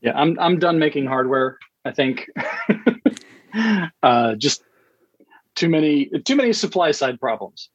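A man's voice: medium pitch, expressive, unhurried, long pauses, dry recording. A man hosting a podcast in easygoing casual chat, steering the conversation. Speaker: podcast host. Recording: dull lo-fi dry sound.

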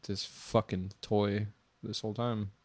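Casting: profane male co-host, grumbling, rough banter. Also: fairly low pitch, level tone, measured pace. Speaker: podcast co-host. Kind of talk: casual chat.

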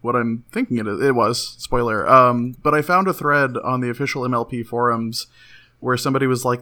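A man's voice: mid-range voice, fairly quick, sharp tone. A man co-hosting a casual comedy podcast, telling stories in a wry, dry way. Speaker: podcast co-host.

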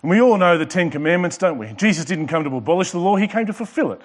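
A man preaching from the pulpit, his voice sitting a touch higher than most men's. He drives home points with emphatic repetition and measured pauses, stressing key words as he teaches. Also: lively intonation. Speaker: pastor. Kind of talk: sermon.

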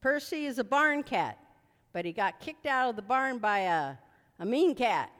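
A woman preaching a sermon, shouting commands at times and telling chatty stories with asides. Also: fairly high pitch, measured pace. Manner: animated, shouting commands at spirits, then chatty storytelling with asides. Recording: reverberant hall.

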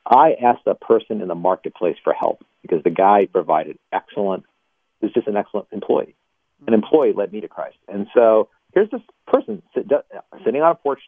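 A man's voice: on the low side, gravelly, no room sound. A man, a ministry CEO, telling stories as a guest on a radio interview, mimicking voices as he goes. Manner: animated storyteller, mimics voices. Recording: tinny phone line, dry.

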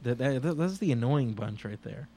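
A man co-hosting a casual podcast chat, laughing a lot and retelling scenes with animated put-on voices. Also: medium pitch, normal speed. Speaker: podcast co-host.

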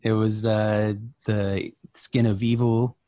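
A man co-hosting a podcast in casual, relaxed chat, matter-of-fact. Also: on the low side, slow, no echo.

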